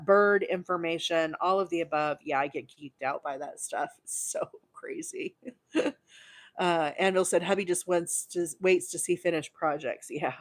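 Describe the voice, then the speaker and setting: A woman in her forties from Alabama, hosting a casual crochet livestream and chatting with her viewers in a bubbly, excitable way. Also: low voice. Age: 40s. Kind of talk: casual live crochet demo chat.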